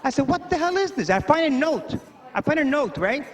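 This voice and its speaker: Puerto Rican stand-up comic, high voice, bouncy delivery, rambling, lots of fillers. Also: male voice, moderate pace. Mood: storytelling. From Puerto Rico. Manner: rambling, animated storytelling with many fillers. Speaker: stand-up comedian. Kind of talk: stand-up comedy set.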